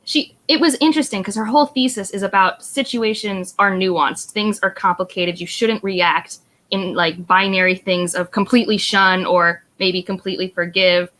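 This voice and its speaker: Bright-voiced chatty woman. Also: medium pitch, fairly even intonation, moderate pace. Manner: chatty, lots of "like". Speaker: book club panelist. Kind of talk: casual video call discussion. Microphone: video call.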